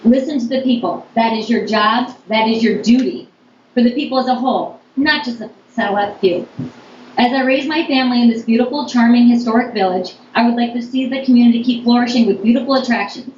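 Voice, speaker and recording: A woman's voice: on the high side, fast talker, a little mellow. A woman making an earnest, emphatic public comment to a town board. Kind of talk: reading a prepared public comment. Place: town board meeting room. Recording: echoey meeting room, dull lo-fi audio, faint noise.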